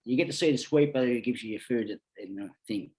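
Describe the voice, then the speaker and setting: A middle-aged Australian man, a guest on a podcast, talks fast at a medium pitch. He spins lively, rambling anecdotes in casual conversation and swears constantly.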